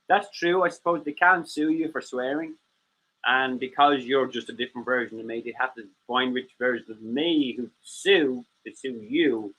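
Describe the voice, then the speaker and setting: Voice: mid-range voice, normal speed, fairly bright tone, slightly rough, low-quality recording. A livestream host chatting casually, rambling and joking at their own expense. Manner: rambling, jokey, self-mocking.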